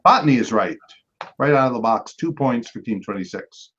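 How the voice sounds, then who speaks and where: A man hosting a trivia match, reading each clue and then repeating it slowly, with quick joking asides to the teams. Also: medium pitch, expressive, a bit bright, husky. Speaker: trivia quizmaster. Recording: dull lo-fi recording.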